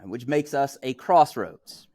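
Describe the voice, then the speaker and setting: Middle-aged male teacher from Missouri, mid-range voice, relaxed classroom lecture with "right?" check-ins. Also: medium pitch, takes it slowly.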